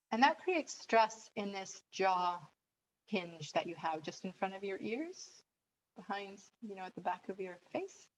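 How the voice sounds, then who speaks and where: A woman's voice: medium pitch, unhurried, a little hiss or hum, low-quality recording. Woman coach guiding a relaxation exercise. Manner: calm, instructive, leading breathing and stretching.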